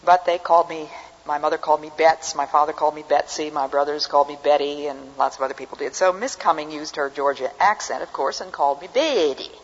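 Older woman speaker, husky voice, dry humor, muffled recording, long hall reverb. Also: deep voice, fairly even intonation, fast. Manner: dry, humorous anecdotal delivery. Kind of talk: storytelling talk to an audience.

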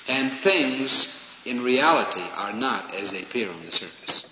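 A man preaching a sermon, swinging from loud emphatic lines to hushed, falling phrases. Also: mid-range voice, expressive, a little slow. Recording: dull, roomy hall recording with faint hiss.

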